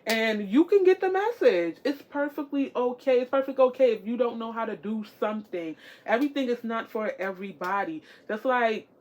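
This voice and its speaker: A woman's voice: fairly high pitch, expressive, brisk, few pauses, a little mellow. A woman talking casually to the camera as a tarot-reading vlogger, encouraging and repetitive, with many fillers.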